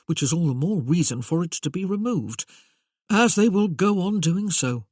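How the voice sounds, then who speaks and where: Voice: mid-range voice, animated, normal speed, darkish tone, close to an everyday voice. Give me a narrator playing a charming, curious young nobleman with a matter-of-fact, slightly raised delivery. He sounds intrigued and composed as he explains things. The recording is dry, with almost no echo.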